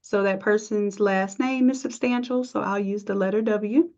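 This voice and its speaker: A woman teaching a live software design class, chatty and encouraging, thinking aloud as she works. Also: medium pitch, fairly even intonation, normal speed. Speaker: design instructor. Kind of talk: live screen-share tutorial. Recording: dull lo-fi stream audio.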